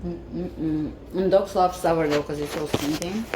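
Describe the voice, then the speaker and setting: Woman home baker, low-pitched, eager and chatty, echoey kitchen with faint background noise. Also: fairly even intonation, measured pace. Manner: enthusiastic, chatty, tasting as she talks. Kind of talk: casual cooking vlog.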